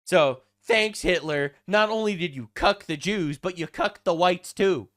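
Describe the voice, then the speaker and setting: A man's voice: sits high, a little slow, fairly bright tone. A young adult man giving casual online commentary, crude and mocking, rambling with lots of fillers. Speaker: commentary channel host.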